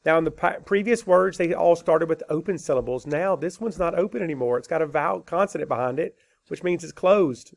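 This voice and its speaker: A man teaching a spelling lesson, dictating words slowly letter by letter and asking and answering his own questions patiently. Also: on the high side, gravelly, no room sound, studio quality. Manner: slow, deliberate letter-by-letter dictation.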